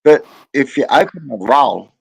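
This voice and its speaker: A man's voice: mid-range voice, animated, unhurried, vocal fry, breathy edge, no echo, rough recording. An Australian man joking as a guest on a live stream, full of slang and heavy swearing. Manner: crude banter, heavy swearing, Aussie slang. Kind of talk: casual live stream chat.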